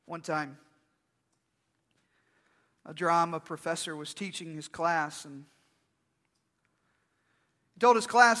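A man preaching a sermon as pastor, swinging from loud calls to hushed, dramatic lines. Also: a little high, fairly even intonation, takes it slowly, gravelly, long pauses. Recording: long hall reverb with faint music.

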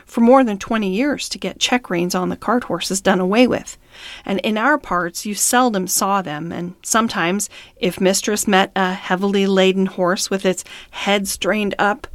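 A woman's voice: medium pitch, no echo. Woman narrating a classic novel, dry. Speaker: audiobook narrator.

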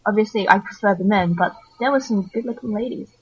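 A woman co-hosting a podcast, giving blunt, opinionated takes in a halting, casual way. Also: mid-range voice, husky. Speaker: podcast co-host. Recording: dull lo-fi mic.

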